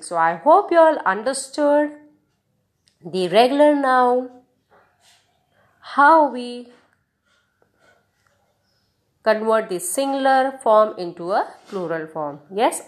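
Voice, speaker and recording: Woman, podcast teacher, spells words letter by letter, encouraging, unhurried delivery. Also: a little high. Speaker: podcast host teaching English. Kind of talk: slow spelled-out grammar lesson.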